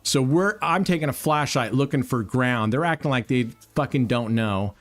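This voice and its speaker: A man's voice: medium pitch, normal speed, soft background music. Blunt, foul-mouthed male stream host. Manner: blunt, heavily profane storytelling; rambling, with many fillers and restarts. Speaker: roulette livestream host. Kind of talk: casual live-stream chat.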